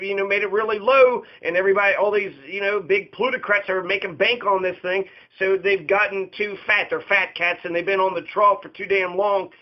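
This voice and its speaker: A man's voice: high-pitched, dull audio. A man hosting a show of political commentary, ranting sarcastically and swearing freely. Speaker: host.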